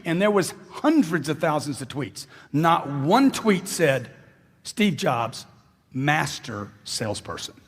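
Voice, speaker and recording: Man, motivational stage speaker, husky, emphatic, repeats himself, long hall echo. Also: fairly high pitch. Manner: emphatic, punchy, repeats lines for effect, quizzes the crowd. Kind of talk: live stage speech to an audience.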